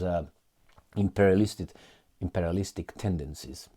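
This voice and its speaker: A man's voice: low voice, unhurried, pauses often, mellow, slightly rough. A man giving casual, profane political commentary, reading articles aloud and mocking them with frequent laughs.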